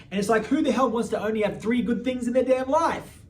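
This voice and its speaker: A man's voice: very high voice, quick pace, few pauses, darkish tone. Blunt man, distant mic. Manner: blunt, swears freely, restarts often. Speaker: life coach. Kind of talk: personal storytelling monologue. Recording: distant mic, faint background noise.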